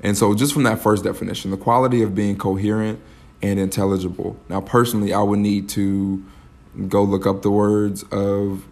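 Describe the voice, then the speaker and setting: A man hosting a solo podcast, reflecting aloud in a halting way, with many fillers and restarts. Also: fairly low pitch, darkish tone. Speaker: podcast host.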